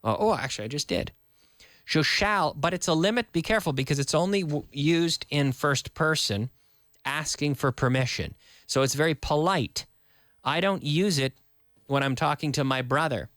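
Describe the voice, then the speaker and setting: A man running a live online English lesson, his pitch swinging widely as he explains words. He repeats example sentences, adds quick Spanish glosses and reads out viewers' questions to answer them. The sound is dry and close. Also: lively intonation, fairly bright tone, no echo. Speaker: English teacher.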